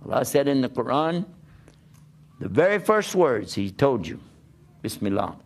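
A man giving a religious talk to an audience, lively and questioning, often acting out the voices of the people he quotes. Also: mid-range voice, unhurried. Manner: animated, plays out quoted voices and asks rhetorical questions. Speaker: Islamic preacher.

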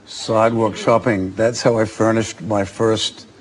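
Animated Australian man telling stories. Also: lowish voice, unhurried, slight background noise. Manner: animated storyteller, acts out other voices. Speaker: actor, interview guest. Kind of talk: casual talk-show anecdotes. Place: television studio.

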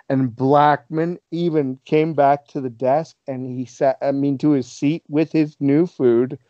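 A man, a guest on the show, telling stories in an animated way and laughing as he goes. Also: on the high side, dry recording. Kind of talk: casual storytelling. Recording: dull lo-fi sound.

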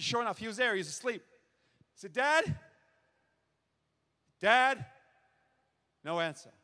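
A man giving his testimony as a pastor, telling the story vividly to a church crowd. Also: high-pitched. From Australia. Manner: storytelling, acts out shouted child's cries. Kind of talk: testimony sermon. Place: large church auditorium. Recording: long hall reverb.

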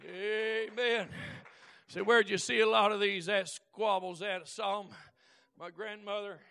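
A man preaching in a very high, strikingly bright voice. He spins down-home stories and breaks into shouted exhortation. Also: steady tone, unhurried, vocal fry, clean tone. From Oklahoma. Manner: folksy storytelling that builds to shouted exhortation. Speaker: guest preacher. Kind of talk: Pentecostal preaching.

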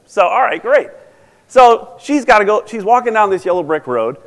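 A man's voice: high voice, very animated, moderate pace. A man speaking at a conference, retelling a story in a breezy, slangy way. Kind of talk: playful storytelling. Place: large conference hall. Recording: reverberant conference hall.

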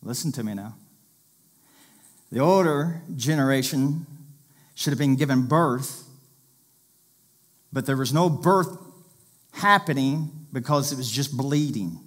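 A man's voice: mid-range voice, takes it slowly, long pauses. A male pastor preaching a sermon, reading scripture aloud and urging listeners to pay attention.

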